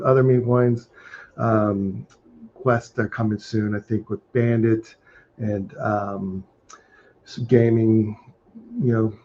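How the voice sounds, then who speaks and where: A man's voice: fairly low pitch, a little mellow. A man giving community updates on an online call, rambling with many fillers. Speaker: community host. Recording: dull lo-fi call audio with faint hiss.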